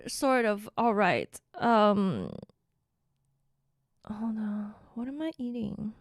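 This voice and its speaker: A woman's voice: medium pitch, very animated, very slow, dry recording, studio quality. A young woman streaming live, chatting casually and greeting viewers one by one by name.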